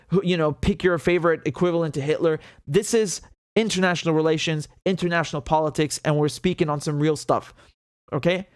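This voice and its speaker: A man hosting a live political commentary show, sounding heated and sarcastic and swearing freely. His voice sits fairly high for a man. The sound is close and dry, with no room around it. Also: no echo.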